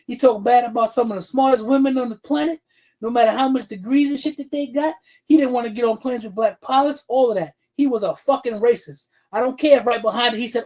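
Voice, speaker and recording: A man's voice: very high-pitched, a little fast, darkish tone. A man hosting a livestream talk show, delivering blunt, profane, confrontational commentary with frequent restarts and repeated words. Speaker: streaming talk show host.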